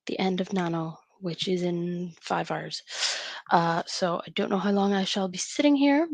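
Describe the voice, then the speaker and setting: A woman's voice: medium pitch, darkish tone, dry recording. A woman, hosting a live writing stream and chatting casually as she thinks aloud. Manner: chatty and rambling, thinking aloud between tasks.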